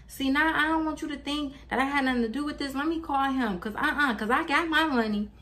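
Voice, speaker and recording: A frantic young woman protests her innocence in a squeaky, much higher voice, as a storyteller puts her on. She gushes out denials in an overexcited rush. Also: a little fast, bright, forceful tone. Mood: alarmed. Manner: frantic, high-pitched protests.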